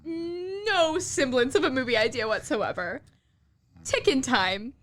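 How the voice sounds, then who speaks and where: Young woman, podcast co-host, playful, teasing, casual banter, animated pitch. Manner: playful, teasing, quick jokes.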